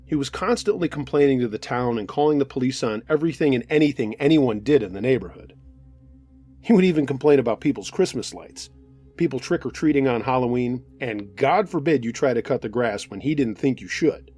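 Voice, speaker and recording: A man narrating a true scary story in a calm, steady reading voice. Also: mid-range voice, fairly quick, soft background music. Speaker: narrator reading listener stories. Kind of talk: scripted horror story narration.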